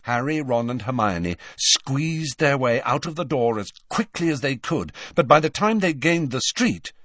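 A man reading a story aloud as a narrator, with an expressive, varied storybook delivery. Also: mid-range voice, a little slow, no echo. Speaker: audiobook narrator. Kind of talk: scripted narration.

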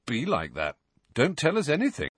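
A man's voice: fairly high pitch, huge pitch swings, moderate pace, fairly bright tone, husky, no room sound, voice pushed up, full character voice. A man voicing a cheeky, prying teenage wizard boy, in an audiobook reading.

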